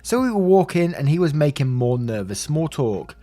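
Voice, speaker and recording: A man's voice: fairly high pitch, sing-song, moderate pace, warm tone, faint music behind. A man narrating online stories aloud and adding his own commentary, chuckling as he goes. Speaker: story narrator.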